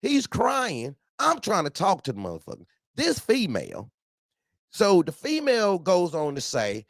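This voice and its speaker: A man tells a story over CB radio with a lively, swooping voice and a gravelly edge. He curses often, repeats his points for emphasis, and stays animated throughout. His voice sits a little high for a man and sounds dry and close. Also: measured pace, dry recording. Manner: animated, profane, repeats himself. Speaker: truck owner telling a story.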